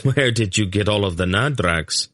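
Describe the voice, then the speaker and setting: A man reading an earnest young male hero, voice low and deep, speaking with quick urgency. Plain audiobook delivery, dry and close. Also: lively intonation, fairly bright tone, no echo. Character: young male hero fighting a desperate battle.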